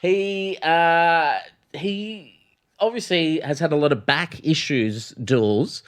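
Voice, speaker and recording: A man's voice: fairly high pitch, slow pace, a bit bright, clean tone. A man with an Australian accent, co-hosting a casual comedy sports podcast and teasing playfully. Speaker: comedian co-host.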